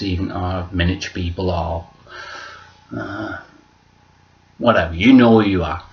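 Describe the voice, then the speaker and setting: A man talking to camera in a casual, rambling vlog monologue, off the cuff and sweary. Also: deep voice. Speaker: vlogger. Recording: muffled lo-fi recording.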